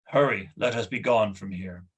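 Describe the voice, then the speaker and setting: A man's voice: on the low side, breathy edge. Gwydion, a man as a stern noble warrior. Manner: measured, formal speech. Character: stern, noble male war leader, commanding and calm. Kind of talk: audiobook character voice.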